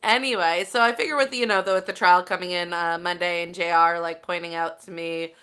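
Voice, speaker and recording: A woman from New Jersey co-hosting a live podcast, chatty and quick to laugh. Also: fairly low pitch, steady tone, sharp tone, smooth. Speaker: podcast co-host. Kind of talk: casual live podcast chat.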